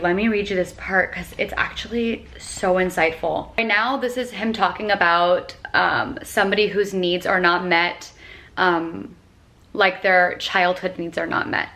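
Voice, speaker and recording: A young woman in her twenties chatting casually to her phone camera for a vlog. She is bubbly and excitable, drops in plenty of casual fillers, and reads book passages aloud in a calmer voice. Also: on the low side. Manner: bubbly and excitable, heavy on filler words like "dude" and "like". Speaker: lifestyle vlogger.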